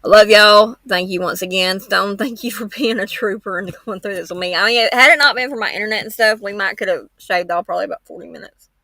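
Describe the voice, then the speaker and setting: A woman's voice: medium pitch, quick pace, hardly any pauses, pushed and bright, no echo. A woman hosting a true-crime livestream from home, rambling in a frank, homespun way. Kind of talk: casual livestream chat.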